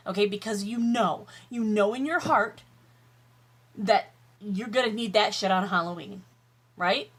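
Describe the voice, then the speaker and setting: A woman's voice: mid-range voice, a little slow, long pauses, slightly rough. A tired woman vlogging from her home office, talking candidly and rambling with profanity and self-mocking jokes. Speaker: YouTube vlogger. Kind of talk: casual chatty vlog while eating.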